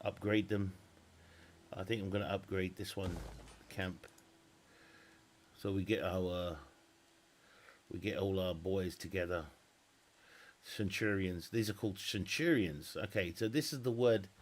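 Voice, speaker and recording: A man's voice: fairly low pitch, measured pace, long pauses, fairly bright tone. Male streamer at home, rambling, chatty commentary, restarts often. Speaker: game streamer. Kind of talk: casual live-stream gaming commentary. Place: at home with family nearby.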